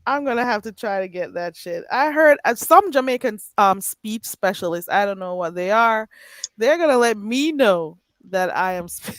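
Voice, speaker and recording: A woman's voice: mid-range voice, no room sound. A woman hosting a live stream, chatting casually and gossiping while reading out viewer comments, often stretching out "ooh". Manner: animated and gossipy, with frequent drawn-out "ooh"s.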